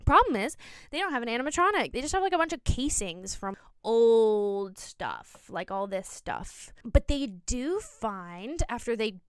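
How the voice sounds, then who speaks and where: Young woman, casual explainer, rambling and jokey, slightly high voice, phone recording. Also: big pitch swings, unhurried, smooth, dry recording. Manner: rambling, self-correcting, jokey asides. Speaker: video essay host.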